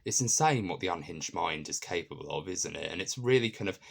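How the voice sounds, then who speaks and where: Man, very low voice, casual TV review, enthusiastic, rambling, filler-heavy. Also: lively intonation, a little fast, gravelly, slightly rough. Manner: enthusiastic, rambling with many ums and restarts. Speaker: TV episode reviewer.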